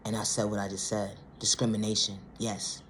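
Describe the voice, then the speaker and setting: A woman's voice: little pitch movement, normal speed, slight background noise. Blunt, profane woman ranting on camera. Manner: blunt, profane, repeats "ma'am, sir" and "respectfully"; swings from low, quiet to loud, high outbursts. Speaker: vlogger. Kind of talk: impassioned monologue rant.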